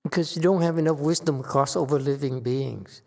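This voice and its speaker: A man giving a Buddhist lecture, pressing his listeners with pointed rhetorical questions and jumping up in pitch to stress a point. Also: a little fast, vocal fry, a little mellow, in a large hall. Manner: sudden rises in pitch and force when stressing a point. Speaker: Buddhist teacher. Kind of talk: Dharma lecture.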